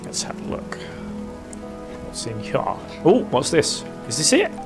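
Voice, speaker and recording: A man's voice: mid-range voice, sing-song, slow, music in the background. A man casually commenting on his gameplay in a chatty, self-mocking way, with lots of fillers and bits of humming. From United Kingdom. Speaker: gaming streamer.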